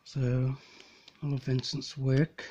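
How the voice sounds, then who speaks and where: A slow-talking man with a mellow, soft-edged voice who rambles and corrects himself as he goes. The recording is dull and lo-fi, like a simple home setup. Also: medium pitch, monotone, slight background noise. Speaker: amateur painter presenting his copies. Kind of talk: casual narrated slideshow.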